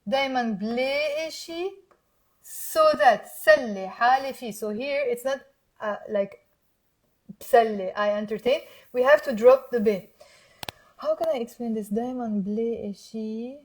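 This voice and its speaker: A woman from Lebanon with a Lebanese accent, teaching Arabic phrases in English and patiently repeating words slowly for learners. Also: fairly high pitch. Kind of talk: language lesson.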